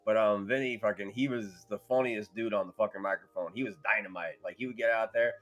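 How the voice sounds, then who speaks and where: A man, a former indie wrestler, chatting casually on a podcast, loud and profane and laughing as he tells stories. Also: lowish voice, fairly even intonation, fast talker, dull audio. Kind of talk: casual chat.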